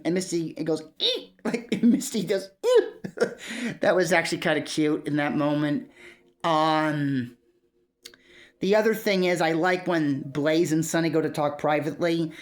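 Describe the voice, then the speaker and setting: A woman chatting through a casual vlog commentary. Her voice sits a little low, and she rambles along with frequent fillers and small chuckles. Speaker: video creator.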